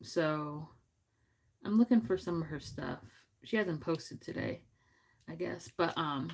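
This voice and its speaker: A woman's voice: low-pitched, slow, creaky, a little mellow. Chatty giggly woman vlogging makeup. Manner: chatty, giggly, goofy asides. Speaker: beauty vlogger. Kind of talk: casual makeup tutorial chat. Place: home room.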